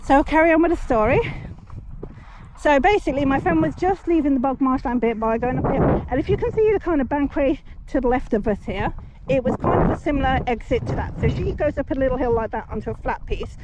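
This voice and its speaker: A woman's voice: high voice, lively intonation, fairly quick. A woman in her forties, chatting casually while riding her horse on a busy road, soothing the horse and thanking passing drivers. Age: 40s. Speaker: horse rider vlogger. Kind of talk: casual story-time chat while riding. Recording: muffled outdoor recording, traffic noise. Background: passing traffic.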